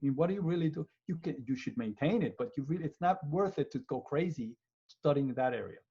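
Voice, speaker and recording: Male law professor for a webinar lecture: husky, fairly high voice, animated and joking. Muffled video-call audio. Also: fast. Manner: animated, joking, repeats words, acts out people.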